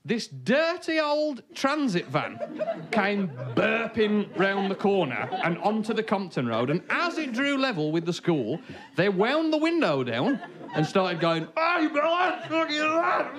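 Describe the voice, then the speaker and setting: A young man with a Black Country accent telling a comic story to a live audience, animated with comic asides. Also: high-pitched, a little slow, crowd noise. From Black Country, England. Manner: animated, comic asides, bursts into shouted impressions. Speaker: comedian. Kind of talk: stand-up storytelling. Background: audience laughter.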